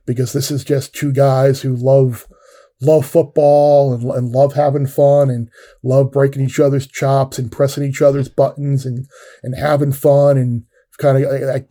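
A man with a mellow, warm voice co-hosts a casual sports podcast. He rambles in a relaxed way, restarting his sentences as he goes. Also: mid-range voice. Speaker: podcast co-host.

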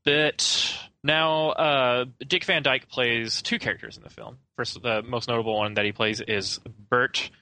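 A young man chatting casually about a film as a podcast co-host, bright and forward in tone. He rambles and hedges, with plenty of "um" and "you know," circling back on his own sentences. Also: mid-range voice, fairly even intonation, unhurried, few pauses, low-quality recording. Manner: rambling, hesitant, many fillers and restarts.

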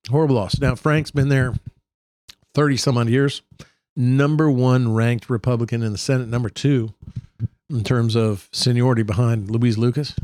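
A man's voice: medium pitch, fairly even intonation, moderate pace, a little mellow, no room sound. A man, co-hosting a casual podcast, telling joking stories and mimicking colleagues. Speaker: podcast co-host and state senator.

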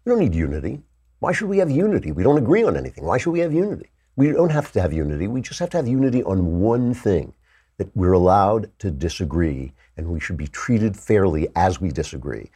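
Brief: male host, mellow and husky, indignant animated monologue. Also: sits low, a little fast. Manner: animated, indignant, with sarcastic asides. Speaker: political commentary host. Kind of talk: opinionated monologue.

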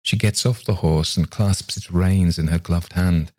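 A man reading a ghost story aloud in a calm, measured way. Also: low-pitched. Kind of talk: scripted narration of a ghost story.

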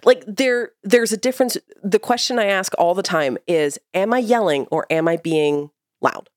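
A woman's voice: fairly low pitch, animated, normal speed, no room sound, studio quality. A woman in her thirties co-hosting a casual parenting podcast, speaking in a reflective way, explaining carefully and laughing often. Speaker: podcast co-host.

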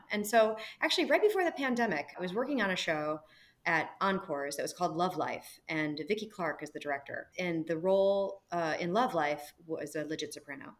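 A woman who is a musical theater actress and singer, telling stories in a relaxed interview with emphatic, animated delivery. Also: lowish voice. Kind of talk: casual interview chat.

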